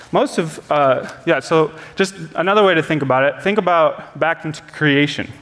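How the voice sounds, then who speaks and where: A man's voice: fairly high pitch, fairly bright tone, in a large hall. A man preaching a sermon as pastor, earnest, repeating key phrases for emphasis.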